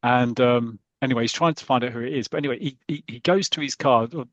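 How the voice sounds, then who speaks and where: A man's voice: mid-range voice, quick pace, fairly bright tone, no echo, highs cut off. A British man hosting a podcast in casual chat, chatty, often repeating words and laughing easily. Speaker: podcast host.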